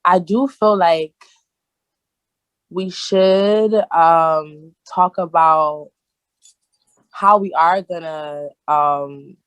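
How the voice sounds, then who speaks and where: A woman's voice: fairly low pitch, drawn-out words, long pauses, fairly bright tone, clean tone, no room sound, rough recording. Young woman on a video call, emotional, lots of um and you know, dry close sound. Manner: emotional, rambling with many fillers. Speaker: cast member.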